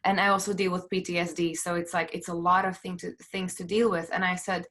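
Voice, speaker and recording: A middle-aged woman speaks on a video call from her home, her voice set slightly low. She tells her story earnestly and haltingly, full of fillers and restarts. She is emotional, close to tears. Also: flat delivery, a bit bright. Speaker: panelist, film producer. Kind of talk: personal testimony on a panel.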